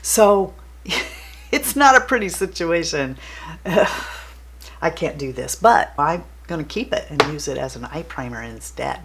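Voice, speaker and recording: A woman's voice: low-pitched, animated, unhurried, fairly bright tone, husky. A woman hosting a casual get-ready-with-me makeup vlog, playful and giggly with jokey asides. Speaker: beauty vlogger host.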